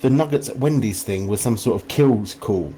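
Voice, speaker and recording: A man's voice: on the low side, normal speed, heavy background noise. A man co-hosting a sports podcast, trading joking, playful asides in casual chat. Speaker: podcast co-host.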